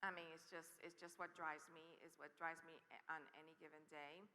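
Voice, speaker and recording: Bronx woman on a panel stage, animated storytelling, bright tone, echoey hall. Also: low voice, a little fast. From the Bronx, New York. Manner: lively, laughing, acts out quotes. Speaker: panel speaker. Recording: reverberant hall.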